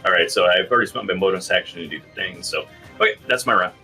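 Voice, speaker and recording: A man with a fairly low voice taking his turn in a tabletop game, talking it through in a relaxed way. Faint music plays behind. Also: fast talker. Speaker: player. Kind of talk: casual tabletop game play.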